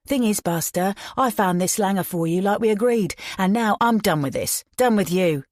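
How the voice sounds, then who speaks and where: A woman's voice: mid-range voice, animated, normal speed, darkish tone, no echo, clean studio sound, pitched above the performer's own voice, natural voice. A woman voicing a menacing, leering male crime boss who taunts in slang. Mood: dismissive.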